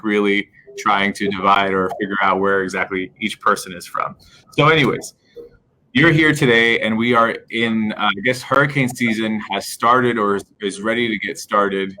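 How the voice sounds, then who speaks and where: Low voiced host guy, bright and forceful, long rambly questions, lots of uh. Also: poor audio. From Palestinian background. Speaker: host, interviewer. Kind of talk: casual interview talk.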